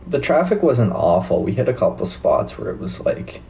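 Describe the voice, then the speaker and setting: A man's voice: mid-range voice, big pitch swings, normal speed, vocal fry, mellow, poor audio. A young Canadian man with a Canadian accent, hosting a casual live stream, chatting laid-back with viewers and swearing freely. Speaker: livestream host.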